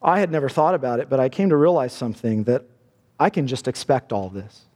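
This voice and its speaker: A man's voice: medium pitch, fairly quick, a little mellow. A male pastor preaching a sermon in a church, earnest and building to fervent emphasis. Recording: long reverb of a large hall.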